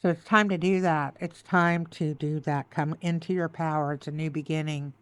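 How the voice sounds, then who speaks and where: A woman's voice: sits low, fairly even intonation, moderate pace, smooth, no echo. A woman giving a tarot reading, choked up and tearful, repeating soothing affirmations. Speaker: tarot reader.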